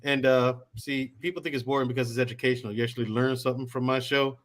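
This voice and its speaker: A man's voice: medium pitch, fairly even intonation, quick pace. A man who is a guest on a podcast panel, speaking earnestly and repeating himself as he stresses being civil. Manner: earnest, repetitive, conciliatory. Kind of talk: casual panel chat.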